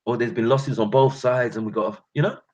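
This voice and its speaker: Husky London man ranting in street slang. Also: medium pitch, fairly even intonation, a little fast, a little mellow, muffled recording. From England. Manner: passionate, slangy, addresses listeners as bruv and fam. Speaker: channel host. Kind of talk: heated street-slang rant.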